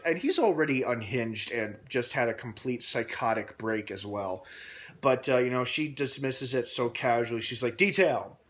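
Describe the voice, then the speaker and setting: A man's voice: medium pitch, a bit bright. Rambling male TV recap vlogger. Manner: rambling, with many fillers. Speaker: TV episode reviewer. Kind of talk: casual recap vlog.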